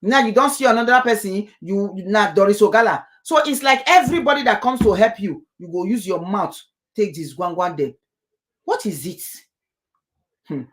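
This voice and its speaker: A woman's voice: mid-range voice, lively intonation, moderate pace. A woman with a Nigerian accent, delivering a scolding, opinionated commentary that switches between Pidgin and English, with many filler uhs.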